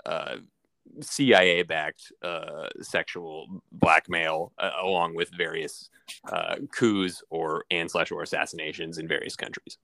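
A man hosting a podcast in casual conversation, talking in a halting way and searching for words. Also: sits low, level tone, creaky, bright, forceful tone, dry recording. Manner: halting, many fillers and restarts. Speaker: podcast host.

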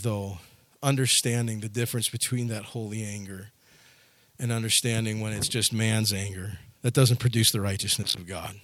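A man's voice: fairly low pitch, a bit bright, dry recording. Earnest man preaching a sermon. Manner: earnest preaching with repeated phrases and restarts. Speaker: pastor.

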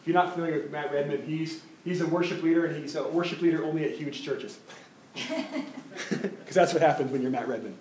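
A man preaching a sermon as pastor, animated, often repeating words as he builds his point. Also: fairly high pitch, fairly quick, echoey room, a little hiss or hum, poor audio.

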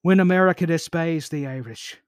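A man's voice: on the high side, brisk, clean tone, dry recording, studio quality. A man hosting a podcast, reading history aloud and breaking off for playful jokey asides. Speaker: podcast host.

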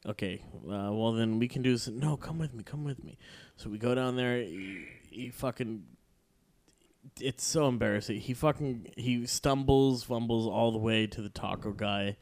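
A man's voice: on the low side, moderate pace, a little mellow. A man on a podcast casually telling a crude, joking story. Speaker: podcast co-host.

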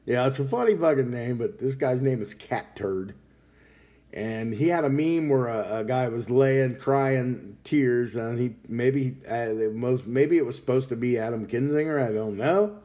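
A man's voice: mid-range voice, a little slow, dark tone. A man hosting a podcast, delivering a profane, sarcastic political rant with scornful laughs. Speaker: podcast host.

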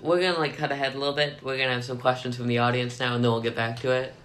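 A man's voice: mid-range voice, fairly even intonation, very fast, fairly bright tone, a little hiss or hum. A man co-hosting a podcast, chatting casually and making dry, laid-back quips. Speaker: podcast co-host.

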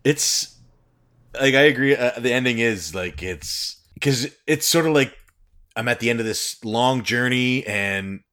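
A young man chatting casually about games, telling stories in a rambling, animated way with fillers and laughter. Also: mid-range voice, unhurried. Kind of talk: casual chat.

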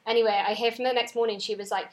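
A woman's voice: a little high, steady tone, very fast. A young woman co-hosting a podcast, telling stories in an easygoing, casual way and laughing along. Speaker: podcast co-host. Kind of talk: casual chat. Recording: echoey room.

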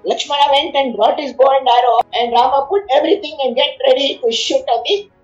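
A woman's voice: high-pitched, a little fast, roomy sound, lo-fi sound, soft background music. A woman retelling an epic story in conversation, explaining each verse and acting out the figures' words. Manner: explains verses line by line, acts out figures' pleas.

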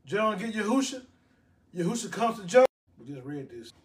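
A man's voice: sits high, very animated, moderate pace. A man preaching a sermon, reading scripture aloud and repeating words for emphasis.

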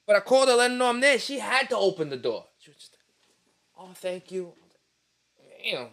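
A man's voice: very high-pitched, sing-song, very fast, gravelly, a bit bright. A young man, chatting casually on a podcast and telling profane street-slang stories with energy. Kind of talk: casual chat.

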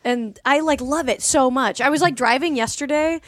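Comedy podcast host lady, kinda high voice, excited, dry mic. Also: moderate pace, no room sound. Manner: enthusiastic, swears casually. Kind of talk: casual podcast chat.

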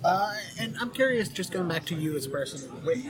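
A man's voice: sits high, sing-song, fairly quick, over music. A man from Baltimore hosting a podcast interview, rambling and joking with plenty of fillers. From Baltimore, USA. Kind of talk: casual interview chat. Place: busy film festival venue. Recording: crowd chatter behind.

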